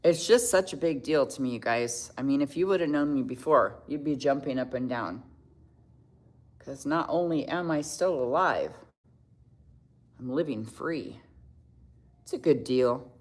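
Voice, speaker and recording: Running a casual makeup livestream, this middle-aged woman chats freely, reads out comments from viewers and is quick to laugh. Her voice is a rumbling low, a little mellow.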